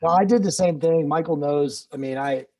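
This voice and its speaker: A man's voice: fairly high pitch, moderate pace, warm tone. A man in casual conversation, telling a story in an emphatic, informal way. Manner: emphatic, informal, with filler words. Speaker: guest in a group discussion.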